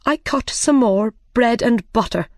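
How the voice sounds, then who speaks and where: A frightened hatter begs and protests in a raised, anxious voice, as a woman reader puts him on. The delivery is slow and dry, like a careful storybook reading. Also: on the high side, animated, no room sound, pitched above the performer's own voice. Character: nervous, frightened adult male hatter.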